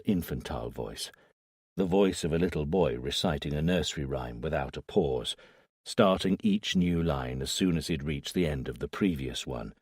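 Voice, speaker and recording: A man narrating a thriller audiobook in a measured, low-key way on a close mic. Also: lively intonation, a little mellow, husky, no echo. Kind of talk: scripted narration.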